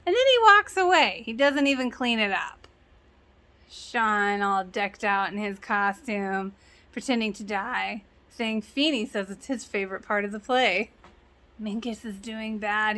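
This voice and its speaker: A woman casually recapping and reacting to a TV episode, chatty and quick to laugh. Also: medium pitch, sharp tone. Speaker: reaction channel host.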